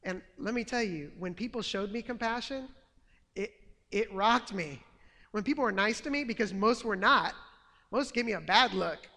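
A man telling a personal testimony story in an earnest, animated way. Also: sits high, moderate pace, long reverb tail. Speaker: testimony speaker.

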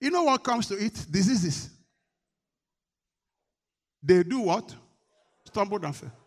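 A man preaching a sermon to his church, moving between loud, shouted declarations and quieter call-and-response where he prompts the congregation to answer. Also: big pitch swings, slow pace. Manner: swings from shouted exhortation to low coaxing call-and-response.

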